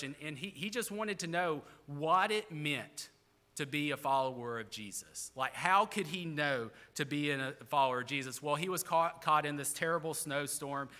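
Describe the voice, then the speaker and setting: Brief: male pastor, earnest sermon delivery, slightly high and bright. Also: long reverb tail. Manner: earnest, explanatory preaching.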